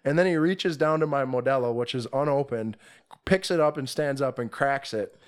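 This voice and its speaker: Profane, animated young man telling a story. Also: mid-range voice, moderate pace, clear, resonant tone. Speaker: podcast guest. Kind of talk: casual storytelling.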